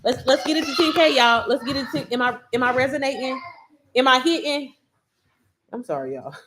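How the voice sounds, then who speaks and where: Woman host, casual livestream coach, chatty and slangy, speaks to the audience, lively swings in pitch and volume. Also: fairly quick, slight background noise. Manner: chatty, slangy, addresses viewers directly. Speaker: online business coach.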